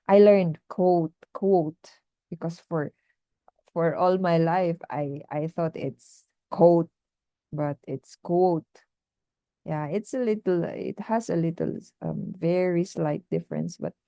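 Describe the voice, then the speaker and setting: Slow, mellow-voiced woman vlogger. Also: low-pitched, no room sound. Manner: hesitant, many fillers and restarts. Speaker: online English tutor. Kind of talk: casual vlog talk.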